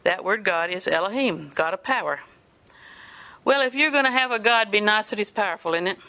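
An older woman delivers a sermon in a bright, forward voice. She mixes homely family stories with scripture and laughs easily as she talks. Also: medium pitch, lively intonation, a little fast. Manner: folksy storytelling, laughs often. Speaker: preacher.

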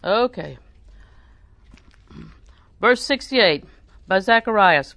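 A woman's voice: fairly high pitch, slow pace, long pauses, a bit bright, no room sound. A woman preaching a sermon, reading scripture aloud and telling folksy family stories.

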